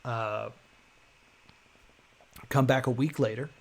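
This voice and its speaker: Fields: Sex: man. Role: live streamer. Style: casual storytelling. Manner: animated, laughing. Pitch: average. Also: slow pace, gravelly. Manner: animated, laughing, acts out the people in his story.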